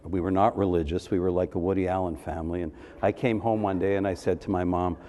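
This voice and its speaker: A man in his seventies from Canada tells playful anecdotes as a panelist, with a deep, low voice. He acts out the people he quotes in his stories. The sound rings with the long reverb of a large hall. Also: flat delivery, quick pace, dark tone, a little hiss or hum. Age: 70s. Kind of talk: storytelling panel talk.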